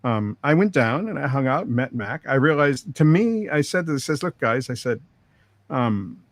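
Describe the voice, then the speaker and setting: A man's voice: mid-range voice, sing-song, normal speed, no echo. A middle-aged man, a record producer, telling long rambling studio stories full of quoted dialogue. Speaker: record producer, interview guest. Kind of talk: storytelling interview.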